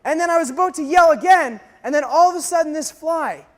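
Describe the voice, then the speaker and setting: A young man telling a dramatic story to an audience, acting out scenes with animated delivery. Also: very high-pitched, a little fast, big-room sound. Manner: animated, acts out scenes, sometimes shouts. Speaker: speaker telling a mission story.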